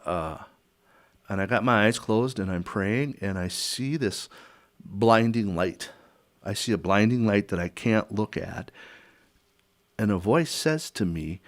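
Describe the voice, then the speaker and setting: An older man, a podcast guest, telling a personal story in a conversational interview, acting out the dialogue with chuckles and restarts. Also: fairly low pitch.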